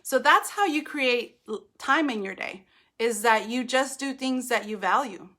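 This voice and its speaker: Bright-voiced woman giving a motivational talk. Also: fairly high pitch, unhurried. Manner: animated, chatty, often asks "right?". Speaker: host of a live video for mothers.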